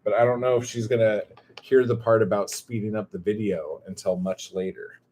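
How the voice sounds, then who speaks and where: A man with a low, deep voice and a drawling Californian surfer-dude accent chats on a casual livestream. He stretches his words out, rambles and swears freely while reading chat aloud. A faint noise sits behind his voice. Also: steady tone, moderate pace, mellow.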